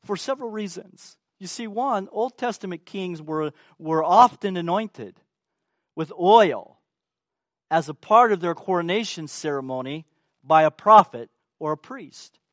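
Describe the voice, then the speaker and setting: A man's voice: sits high, expressive, unhurried, fairly bright tone, no room sound, clean studio sound. A man preaching a sermon, emphatic and asking the congregation rhetorical questions.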